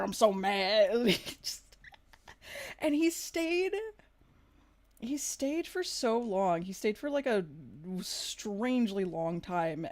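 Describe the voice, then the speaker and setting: A woman's voice: fairly low pitch, a little mellow. Rambling young woman telling a story. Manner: rambling, heavy use of "like", swears freely; chatty, laughs through the story. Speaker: vlogger. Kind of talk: casual storytelling.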